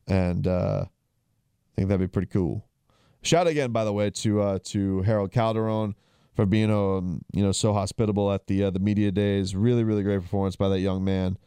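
Low, mellow-voiced man rambling about fights. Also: steady tone, moderate pace, clear, resonant tone, dry recording. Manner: rambling, frequent fillers and restarts. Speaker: podcast host. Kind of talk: casual sports commentary.

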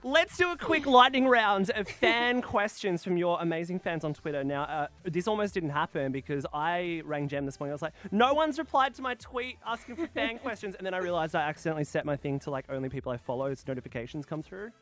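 A woman co-hosting a radio show, bubbly and quick to laugh. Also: low-pitched. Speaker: radio co-host.

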